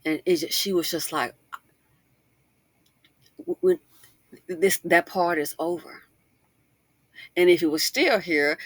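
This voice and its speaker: A middle-aged woman hosting a casual commentary monologue, chatty and animated, full of asides and emphatic rhetorical questions. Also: on the low side, slow pace, pauses often, slightly rough, no echo, studio quality. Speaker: commentary channel host.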